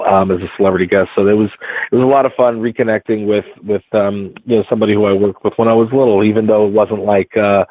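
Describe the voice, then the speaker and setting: A man in his forties, a guest telling stories in a rambling, halting way with many restarts. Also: on the low side, no room sound. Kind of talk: casual storytelling. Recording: tinny phone-like line, dry.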